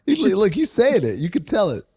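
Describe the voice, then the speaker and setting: An excitable male podcast co-host teases his friends, his pitch rising and falling animatedly. The recording is dry and close. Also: brisk, breathy edge, no echo. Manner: excitable, teasing. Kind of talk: casual comedic chat.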